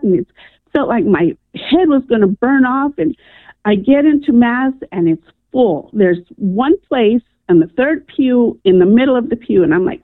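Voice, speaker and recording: A woman's voice: fairly high pitch, lively intonation, moderate pace, dry recording. A woman calling in to a radio show and earnestly telling a personal story, with lots of "um" and "I'm like.". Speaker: radio caller. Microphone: telephone. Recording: tinny phone line, dry.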